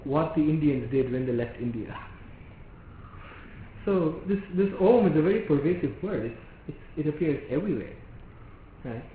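A man giving a devotional lecture in a measured, explanatory way, often asking rhetorical questions. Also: on the high side, slight background noise. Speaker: preacher. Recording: echoey hall on a phone-like line.

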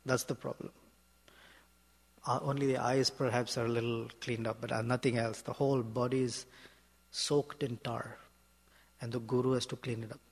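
A man delivers a sermon as a spiritual teacher, with a mid-pitched voice. He speaks in a measured, emphatic way and keeps asking his listeners rhetorical questions. His voice carries a long hall reverb. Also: flat delivery, breathy edge.

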